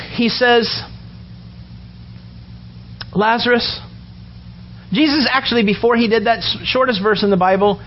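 A man preaching a sermon, animated and storytelling, acting out the characters' words as he goes. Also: high voice, a little hiss or hum. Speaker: pastor. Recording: dull lo-fi sound with faint ambience.

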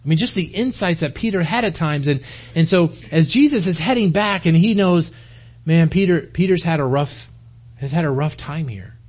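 A man's voice: fairly high pitch, expressive, normal speed, a little mellow. A man preaching a sermon in an earnest way, often repeating words as he starts a phrase. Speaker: pastor.

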